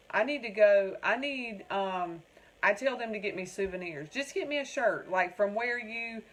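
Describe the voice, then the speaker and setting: Hosting a craft livestream, this North Carolina woman speaks with a Southern American accent, folksy and casual as she reads viewer comments and replies by name. Her voice is mid-range, in a low-quality recording.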